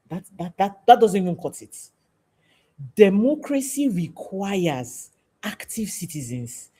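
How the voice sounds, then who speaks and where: With a lowish, dark voice that has a breathy edge, this woman from Nigeria hosts a podcast. She speaks to camera about civic matters, passionate, emphatic, and preachy, repeating phrases to drive her points home.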